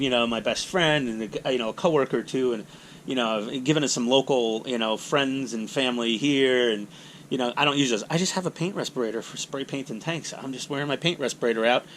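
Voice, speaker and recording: Here the same sort of hobby-channel host, a middle-aged man, talks fairly quickly in a medium, slightly bright voice, with some hiss or hum behind it. Chatty and self-mocking, he rambles and performs voices while telling stories.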